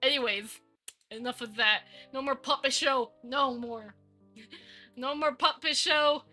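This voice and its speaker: A woman's voice: sits high, fairly even intonation, a little slow, bright, forceful tone, faint music behind. A woman live-streaming, rambling playfully and talking to herself while she works on a 3D model. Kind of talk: casual live-stream chat.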